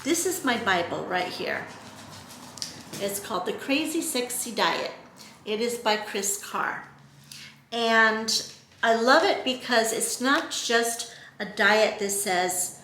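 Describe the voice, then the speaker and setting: A middle-aged woman talks casually to her camera in a chatty, earnest way, full of ums and little restarts. Her voice is bright and forceful. The room around her is echoey, with faint ambient noise behind. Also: on the high side, expressive, takes it slowly. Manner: chatty, earnest, lots of fillers. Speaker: vlogger.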